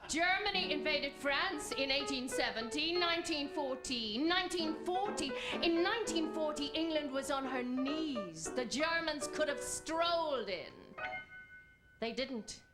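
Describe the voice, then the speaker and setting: Lady with a high voice telling it wry and playful on stage, band music behind. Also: animated, a little slow. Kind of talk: theatrical stage narration.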